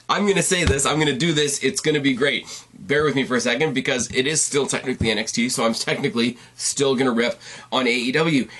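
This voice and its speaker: A man's voice: medium pitch, a bit bright. Congested, tired man rambling a recap. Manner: rambling, self-interrupting and wry. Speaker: podcast host reviewing wrestling. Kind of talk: casual recap commentary. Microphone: on camera at a desk.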